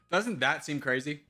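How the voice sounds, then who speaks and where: A man's voice: medium pitch, a bit bright. A male streamer in casual live-stream commentary, thinking aloud in a chatty, self-mocking way.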